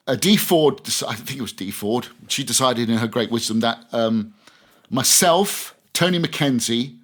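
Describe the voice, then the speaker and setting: A man, a veteran radio presenter, telling anecdotes in a casual podcast interview, chatty and full of restarts. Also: mid-range voice. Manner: chatty anecdotal, many restarts, laughs through stories.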